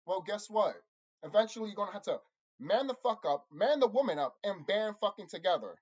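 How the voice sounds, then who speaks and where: A channel host delivering an angry, profane monologue to viewers, repeating himself and insulting his audience. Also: a little fast. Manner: lively swings in pitch and loudness. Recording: dull lo-fi recording.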